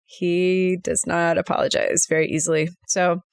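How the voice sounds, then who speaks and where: A woman's voice: on the low side, flat delivery, normal speed, gravelly, clear, resonant tone, no room sound, clean studio sound. A woman co-hosting a podcast, telling a personal story in casual, chatty conversation. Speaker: podcast co-host. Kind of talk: casual chat.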